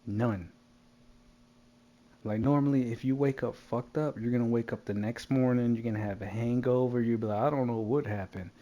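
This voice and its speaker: A man telling a wild story in casual chat while gaming, animated and profane, laughing often. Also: medium pitch, moderate pace, dull audio.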